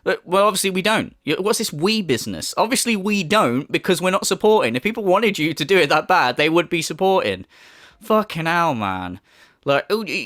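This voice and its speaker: A man's voice: sits high, sing-song, normal speed, fairly bright tone. Sarcastic, foul-mouthed man ranting. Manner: sarcastic, profane and mocking. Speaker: commentary YouTuber. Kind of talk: ranting commentary.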